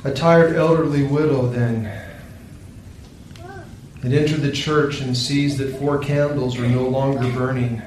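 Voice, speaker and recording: A man preaching, telling a sermon story in a slow, solemn, hushed way. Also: mid-range voice, steady tone, slight background noise. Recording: very echoey room, distant mic.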